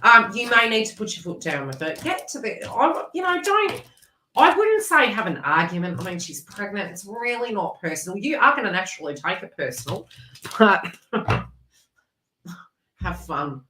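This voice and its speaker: A woman's voice: mid-range voice, sing-song, normal speed, sharp tone, a little hiss or hum. A middle-aged woman giving a psychic reading to a viewer, chatty and blunt with laughter and mild swearing. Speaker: psychic reader. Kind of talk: casual spoken reading to a viewer. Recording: echoey room, far from the mic.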